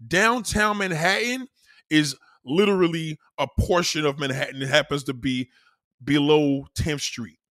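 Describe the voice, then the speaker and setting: A young man with a New York accent rants in a blunt, profane way, driving his points home by saying them again and again. His voice sits a little high and has a bright, forceful edge. The sound is dry and close, with no room around it. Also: dry recording. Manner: blunt, profane, emphatic with repetition. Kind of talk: casual rant.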